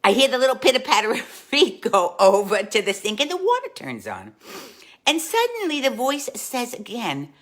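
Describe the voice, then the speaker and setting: A woman playing a warm, gossipy aunt who hosts a live stream, chatting to viewers and calling them dolls. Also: a little high, wildly swooping pitch, moderate pace. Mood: chatty storytelling. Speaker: comic host. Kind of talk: live-stream storytelling in character.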